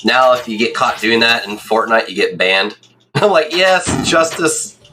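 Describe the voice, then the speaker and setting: A young man streaming a game, telling rambling, excitable stories in casual chat and checking in with "right?". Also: fairly low pitch, normal speed, slight background noise. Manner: excitable, swears.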